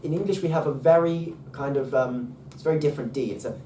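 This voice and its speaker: A patient man explaining pronunciation step by step, often pausing with um and starting his sentences over. He sits some way back from the microphone in a roomy space, with a faint hiss under his voice. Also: a little high, mellow. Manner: patient, hesitant, many ums and restarts. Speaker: Ancient Greek tutor. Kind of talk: relaxed one-to-one teaching. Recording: roomy, far from mic, faint noise.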